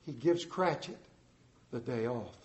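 A man preaching a storytelling sermon, animated and playful, acting out voices in his anecdotes. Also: mid-range voice, unhurried. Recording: echoey room.

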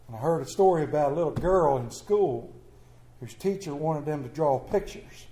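Male pastor, high-pitched yet mellow, fervent sermon delivery, echoey church room. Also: expressive, normal speed. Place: church sanctuary.

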